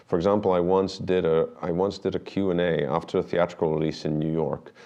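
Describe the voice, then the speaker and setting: Deep-voiced man telling animated stories. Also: fairly quick, dull audio. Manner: animated anecdotes, acts out quoted dialogue. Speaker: documentary filmmaker guest. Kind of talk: conversational storytelling interview.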